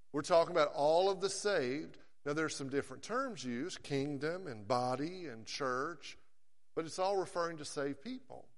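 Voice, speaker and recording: Earnest preacher, man, in reverberant hall. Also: on the high side. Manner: earnest, emphatic, slows down for scripture quotes. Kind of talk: sermon.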